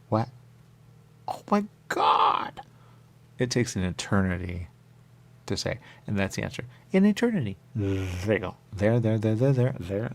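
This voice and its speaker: A man talking in a rambling, repetitive radio monologue, dropping to whispers and jumping to sudden high exclamations. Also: creaky. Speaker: radio host.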